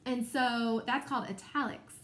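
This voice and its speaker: A woman teacher talks young readers through a picture book in a recorded lesson. Her voice sits a little high, and she explains each step clearly and encouragingly. The room around her gives a noticeable echo. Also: steady tone, normal speed, fairly bright tone, a little hiss or hum. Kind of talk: recorded small-group reading lesson.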